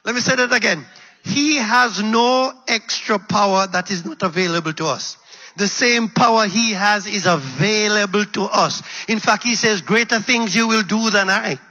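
A high-pitched male preacher delivers a fiery sermon, his voice husky and gravelly. He calls out to the congregation and veers between shouting and quiet asides. The recording sounds dull and lo-fi. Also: normal speed. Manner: animated, swinging from loud shouts to low murmurs.

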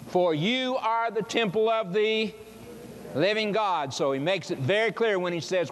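This sermon comes from a man with a high-pitched voice who speaks a little slowly, explaining scripture and pressing his listeners with emphatic rhetorical questions. There's long hall reverb and a faint noise floor.

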